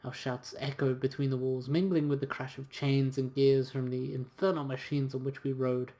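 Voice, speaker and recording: Male gamer, casual let's-play; reads story text aloud, relaxed. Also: mid-range voice, moderate pace, hardly any pauses. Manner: relaxed, reading narration with occasional quoted voices.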